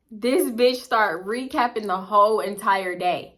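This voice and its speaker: A woman's voice: a little high, normal speed, fairly bright tone. A young woman vlogger telling a storytime tale casually, profane and gossipy, acting out what people said.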